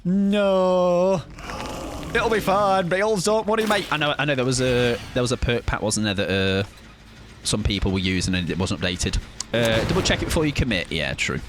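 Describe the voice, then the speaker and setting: A man's voice: lowish voice, expressive, fairly quick, noisy background. A man streaming a game live, chatting with his viewers in a casual, jokey way. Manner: chatty, jokey, reads chat aloud. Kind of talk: casual live-stream chat while gaming.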